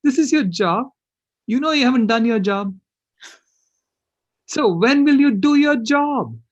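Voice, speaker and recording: A small granddaughter, earnest and upset, speaks in a high, pleading child's voice, as an older man puts her on in a story. The voice jumps up and gets louder as she presses her questions. A gravelly edge from the grown man stays underneath. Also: normal speed, no room sound, highs cut off. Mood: insistent.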